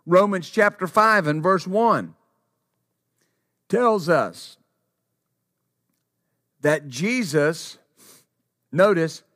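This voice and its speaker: With a slow, deliberate delivery, a man preaches in a notably high voice that's animated and somewhat bright. He hammers home his points emphatically through repeated short phrases. The recording is dry and free of room echo.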